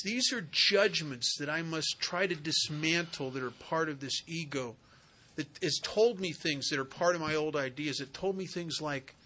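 Guy sharing at a recovery meeting, jokey folksy stories, kinda high bright voice. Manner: folksy storyteller, wisecracking and emphatic. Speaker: AA speaker sharing his story. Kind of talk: humorous recovery talk at a meeting.

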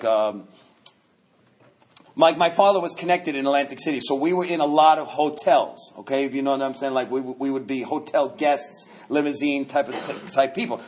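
New man telling his recovery story. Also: medium pitch. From New York. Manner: animated, joking, repeats words as he restarts. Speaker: recovery meeting speaker. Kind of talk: storytelling talk at a recovery meeting.

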